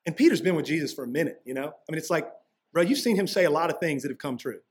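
Preaching a sermon, a male pastor speaks in a voice a bit high for a man, racing along with lively intonation. His style is loose and conversational, with casual asides sprinkled into his explanations.

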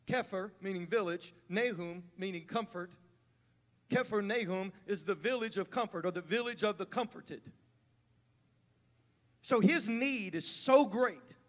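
A man preaching a sermon as pastor, building from calm teaching to fervent, rising delivery. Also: sits high. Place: church sanctuary. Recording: church hall reverb.

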